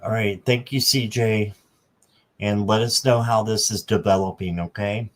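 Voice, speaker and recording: A man hosting a live stream, giving a gentle, reassuring tarot reading card by card. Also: fairly low pitch, steady tone, a little slow. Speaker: tarot reader and channel host.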